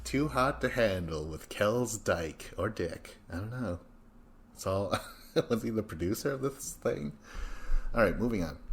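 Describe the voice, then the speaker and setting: A man's voice: low-pitched, a little hiss or hum. A man hosting a podcast in loose casual chat, rambling and swearing with a joking tone. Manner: rambling, profane, jokey. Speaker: podcast host.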